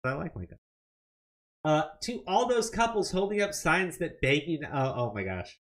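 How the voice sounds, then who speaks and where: Animated, swearing man ranting. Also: on the high side, moderate pace. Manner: angry, swearing rants. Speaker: political commentary host. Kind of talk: profane reaction commentary.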